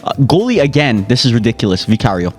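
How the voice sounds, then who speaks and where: A man's voice: medium pitch, very animated, quick pace, darkish tone, soft background music. A man competing in a quiz with friends, joking around and trash-talking in casual banter. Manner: playful, trash-talking, jokey. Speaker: quiz contestant.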